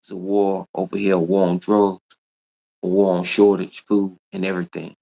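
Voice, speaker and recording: Man, very low gravelly voice, scolding livestream host, confrontational and repetitive. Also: level tone, normal speed, warm tone, highs cut off. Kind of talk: ranting livestream monologue.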